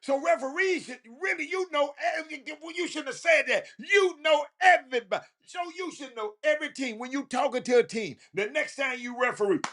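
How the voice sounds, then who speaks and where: A man's voice: very high-pitched, fairly quick, few pauses, pushed and bright. A man hosting a casual talk show monologue, preachy and repetitive, often stammering and restarting his sentences. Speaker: show host. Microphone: phone call.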